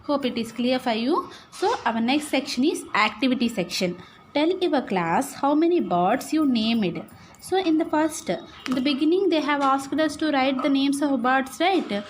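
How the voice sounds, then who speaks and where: A woman teacher with an Indian English accent, slowly explaining syllables to young pupils and often checking that they follow. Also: high-pitched, animated, slight background noise. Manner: slow, repetitive, checks understanding with "right?" and "okay". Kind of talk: classroom lesson, explaining syllables.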